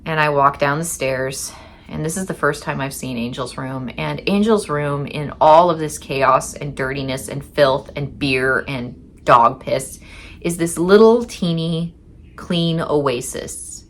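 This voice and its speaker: A young woman telling a candid, profane personal story in casual chat, with halting restarts and quoted asides. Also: low-pitched, slight background noise.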